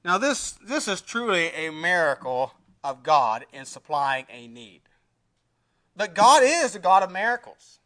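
A male pastor preaching a sermon, reading scripture aloud and swinging between emphatic rises and quiet, dropped endings. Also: high-pitched, sing-song, measured pace, hardly any pauses. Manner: preaching with scripture readings in King James wording.

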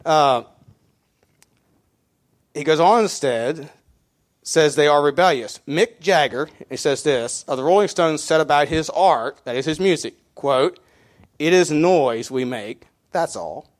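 Conversational middle-aged pastor preaching. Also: male voice, on the high side, lively intonation, measured pace. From Mennonite community. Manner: conversational, with many fillers and restarts, counting out beats. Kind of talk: sermon.

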